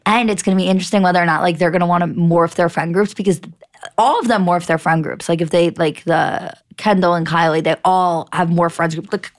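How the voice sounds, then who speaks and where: A woman's voice: lowish voice, fairly even intonation, brisk. A young adult woman co-hosting a podcast, chatting enthusiastically and swearing casually. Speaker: podcast co-host. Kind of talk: casual chat recapping a reality show.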